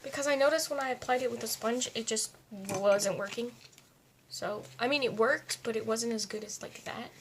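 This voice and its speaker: Woman, fairly high voice, chatty makeup tutorial, talks to herself, home recording, faint noise. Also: normal speed. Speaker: beauty vlogger. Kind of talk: casual makeup tutorial talk. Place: home, indoors.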